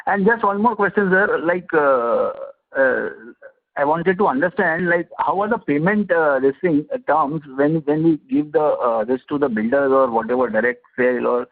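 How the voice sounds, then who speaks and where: A man asking halting, filler-heavy questions as an analyst on an earnings call. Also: a little high. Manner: halting, many fillers and restarts. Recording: phone-like conference line.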